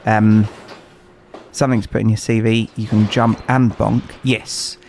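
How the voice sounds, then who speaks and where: A man's voice: fairly low pitch, flat delivery, unhurried, vocal fry, darkish tone, slight background noise. Rambling male game streamer. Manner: rambling, hesitant with many fillers, chatting to viewers. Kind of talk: casual live-stream chat while gaming.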